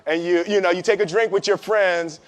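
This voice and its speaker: A man as an interview guest, telling a personal story in an animated, joking way, acting out what people said and laughing often. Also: high voice, brisk. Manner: lively and joking, acts out quotes, laughs often.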